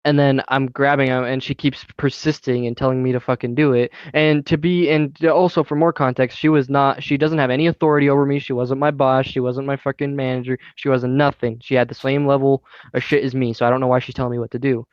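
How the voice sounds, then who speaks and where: A man's voice: medium pitch, level tone, quick pace, hardly any pauses, clean tone, no echo, lo-fi sound. Young man ranting, swearing constantly. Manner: profane, heated rant. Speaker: podcast co-host. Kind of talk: casual storytelling.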